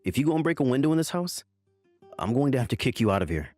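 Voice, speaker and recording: A man's voice: medium pitch, sing-song, fast talker, darkish tone, no echo, faint music behind, natural voice. A man playing a defensive, evasive husband in a dramatized story, placating and brushing off complaints. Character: defensive, evasive husband trying to please his mother.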